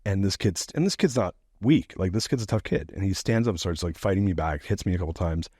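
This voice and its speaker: Middle-aged man, low mellow voice, swearing. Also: fast talker, breathy edge, dry recording, clean studio sound. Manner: profane, animated, laughing storyteller. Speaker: podcast guest. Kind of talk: casual storytelling.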